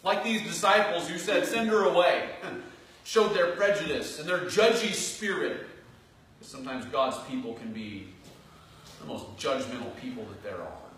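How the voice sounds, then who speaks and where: A male pastor preaching a sermon in a church, earnest, rising into loud emphatic phrases and dropping to soft asides. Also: fairly high pitch, a little slow. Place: church sanctuary. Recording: distant, very echoey church hall recording with faint noise.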